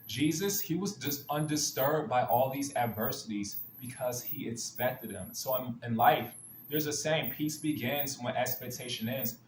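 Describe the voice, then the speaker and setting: A man's voice: mid-range voice, slight background noise. A man giving an earnest spiritual talk built around Bible stories, often restarting his sentences and repeating stock phrases. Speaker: spiritual speaker. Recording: roomy echo, faint ambience.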